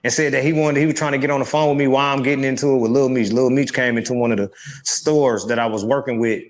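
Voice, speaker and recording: Guy in an interview clip telling a story, blunt, cussing, middle-pitched voice. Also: quick pace. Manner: animated storytelling, blunt and profane. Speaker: interview guest.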